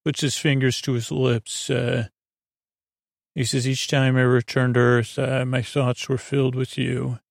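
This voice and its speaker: Mumbling gravelly man, flat drowsy recap. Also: medium pitch, a little slow, no room sound, clean studio sound. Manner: rambling, mumbled retelling with many fillers. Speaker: podcast host recapping an episode. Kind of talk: drowsy sleep-podcast recap.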